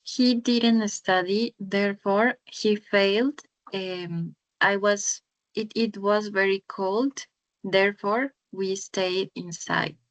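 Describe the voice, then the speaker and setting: Very slow, hesitant Spanish-accented woman. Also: medium pitch, fairly even intonation, poor audio. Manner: hesitant, reads haltingly with fillers. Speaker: student.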